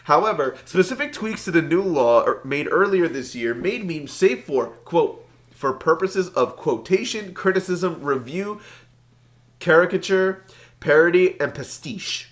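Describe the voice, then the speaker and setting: A man's voice: a little high, animated, measured pace, a bit bright. A man co-hosting a podcast in a casual way, reading an article aloud with stumbles and frequent laughter. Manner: laughs often, reads with stumbles. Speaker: podcast co-host.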